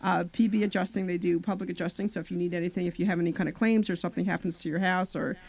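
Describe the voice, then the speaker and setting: A woman co-hosting a talk radio show, chatting and reading out sponsor phone numbers and web addresses slowly. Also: lowish voice, steady tone, vocal fry, darkish tone.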